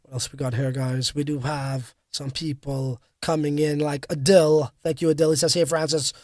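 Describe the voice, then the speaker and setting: A man's voice: fairly high pitch, flat delivery, moderate pace, a little mellow, dry recording. A man hosting a casual crypto livestream, talking loosely and reading out viewer comments. His delivery is slangy and hyped, full of fillers and restarts. The sound is dry and close, with no room around it. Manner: casual, slangy, hype-driven with frequent fillers.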